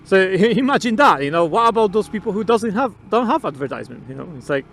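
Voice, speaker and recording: A man with a fairly high voice talks to the camera from a motorbike outdoors. He rambles through his opinions in a loose, casual way. He swears freely and laughs often as he goes. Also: big pitch swings, fast talker, vocal fry, a bit bright, slight background noise. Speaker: motovlogger.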